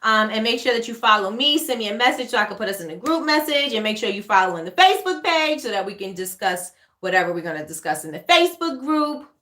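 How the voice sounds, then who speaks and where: A woman's voice: a little high, lively intonation, fast talker, few pauses, bright, forceful tone, roomy sound. A woman with a New York accent hosting a casual livestream Q&A, chatty and repetitive, reading out viewer comments as she goes. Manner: chatty, repeats herself, reads out viewer comments. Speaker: livestream host, candle maker. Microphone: webcam or phone livestream.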